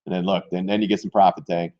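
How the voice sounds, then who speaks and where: A man hosting a live stream on stock trading, talking loosely and mocking himself, often clearing his throat. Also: sits low, level tone, quick pace, darkish tone, highs cut off. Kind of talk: casual live-stream market commentary.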